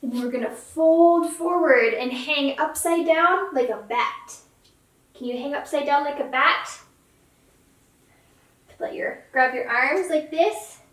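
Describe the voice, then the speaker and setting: A young woman teaching a yoga class for children, giving gentle, encouraging cues and playful animal sounds. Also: sits high, slow pace. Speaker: yoga instructor. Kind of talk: kids yoga class instruction. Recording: echoey room, mic at a distance.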